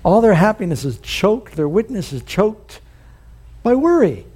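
Warm-voiced folksy preacher. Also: male voice, high-pitched, sing-song, measured pace, husky. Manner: folksy storytelling with rising emphasis. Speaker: pastor. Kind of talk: sermon.

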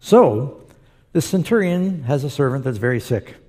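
A man's voice: mid-range voice, lively intonation, moderate pace, darkish tone, slightly rough. A man preaching a sermon. He reads scripture aloud and makes chatty asides to his listeners. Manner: conversational, with asides to the audience. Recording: long hall reverb.

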